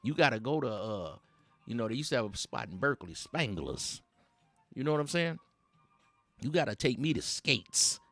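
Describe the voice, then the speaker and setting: A man's voice: mid-range voice, sing-song, normal speed, vocal fry, pauses often, fairly bright tone, no room sound, soft background music. A man hosting a satirical dating-advice monologue, talking in streetwise slang and rambling like a preacher, chuckling between his points. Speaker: host.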